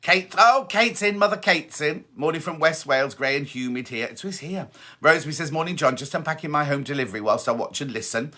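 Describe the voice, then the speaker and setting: Host, middle-aged man: bright, slightly high voice, friendly chatter over viewer greetings. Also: lively intonation, fairly quick. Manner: chatty, reads greetings aloud and chats back. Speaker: host of a live stream. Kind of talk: casual live-stream chat reading viewer comments.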